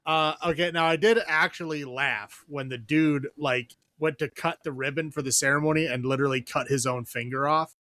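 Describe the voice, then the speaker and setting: A man co-hosting a podcast, chatting casually and ramblingly about movies and acting out characters in quick quotes. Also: a little high, steady tone, sharp tone, no room sound. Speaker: podcast co-host. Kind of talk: casual film review chat.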